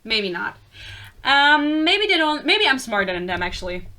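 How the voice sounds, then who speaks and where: Brief: bright-voiced young woman, sarcastic and chatty, casual book review rant. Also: high voice, sing-song, moderate pace. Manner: sarcastic, swears freely, chatty.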